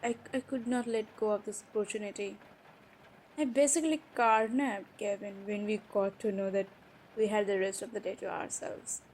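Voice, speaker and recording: A woman's voice: medium pitch, fairly even intonation, moderate pace, a little mellow, a little hiss or hum, low-quality recording. Chatty young woman in an audio roleplay.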